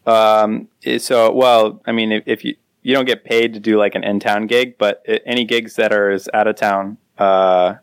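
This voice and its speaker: A man's voice: lowish voice, level tone, normal speed, hardly any pauses, smooth, dry recording. A man guesting on a podcast, explaining band matters hesitantly with many fillers. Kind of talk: casual podcast conversation.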